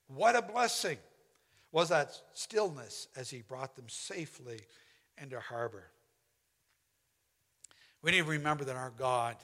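Impassioned pastor preaching in a reverberant hall. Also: male voice, a little high. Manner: impassioned, emphatic preaching with dramatic drops to near-quiet. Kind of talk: sermon.

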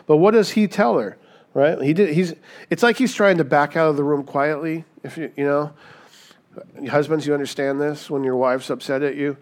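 A man preaching a sermon in a lively, conversational way, acting out the people he quotes and often asking "right?". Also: fairly high pitch, normal speed. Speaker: pastor.

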